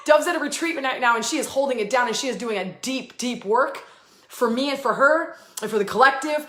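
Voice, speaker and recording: Woman, high voice, spiritual channeling livestream, fast emphatic talk with swearing, chanted made-up syllables, echoey room. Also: lively intonation, a bit bright. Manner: fast, emphatic and effusive, with profanity. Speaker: spiritual channeler hosting a live session. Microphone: live online video stream.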